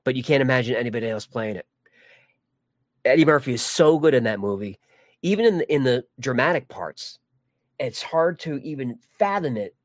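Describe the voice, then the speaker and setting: A man's voice: medium pitch, expressive, moderate pace, dry recording. A man hosting a live stream, chatting casually and joking while reading viewer comments. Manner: rambling, jokey, many restarts. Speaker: livestream host.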